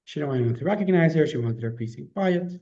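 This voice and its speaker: A man's voice: on the high side, lively intonation, quick pace, creaky, mellow, muffled recording. A man teaching a religious class as its rabbi, telling stories conversationally with frequent restarts. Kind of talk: storytelling lesson.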